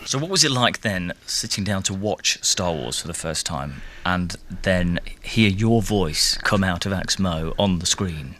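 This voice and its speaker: Male interviewer, chatty and teasing, forceful bright voice, very animated pitch. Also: measured pace, few pauses. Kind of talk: casual interview.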